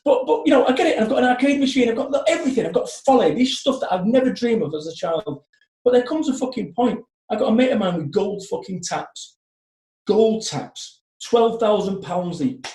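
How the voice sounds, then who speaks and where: A blunt man talks in a high but mellow voice, swearing constantly as he tells animated stories. The sound bounces around an echoey room. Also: a little fast. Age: 40s. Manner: blunt, heavily profane, animated storytelling. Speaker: guest, motivational speaker. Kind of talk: casual podcast chat.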